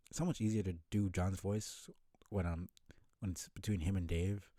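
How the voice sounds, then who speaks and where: Male streamer, casual reader and commenter, low dark voice, laughs a lot. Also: steady tone, normal speed, long pauses, no room sound, studio quality, faint music behind. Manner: casual, swears freely, laughs often. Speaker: streamer reading a webcomic aloud.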